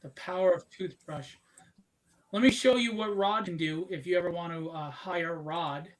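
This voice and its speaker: Here a man with a high voice runs a casual live stream, chatting cheerfully and poking fun at himself as he presents art sent in by viewers. He speaks at a moderate pace.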